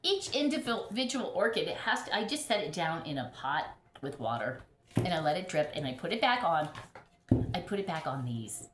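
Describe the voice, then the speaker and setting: A middle-aged houseplant vlogger, still recovering from an illness, chats casually at home among her many plants, rambling and laughing often. Her lowish voice has a sing-song lilt at normal speed, and the recording is reverberant with a noisy background.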